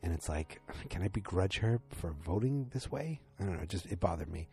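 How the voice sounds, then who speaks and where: A man's voice: low voice, expressive, fairly quick, vocal fry, darkish tone, faint music behind. A man casually recapping a TV episode, rambling with fillers and restarts and acting out characters' lines. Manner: rambling, many fillers and restarts, acts out quotes.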